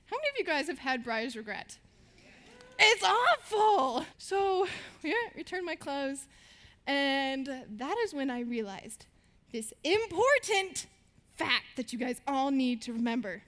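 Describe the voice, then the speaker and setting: A woman's voice: high voice, expressive, normal speed, a bit bright. A teenage girl giving a stage talk to an audience, telling her stories in a bubbly way and laughing between lines. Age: teens. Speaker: student speaker on stage. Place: stage before a live audience.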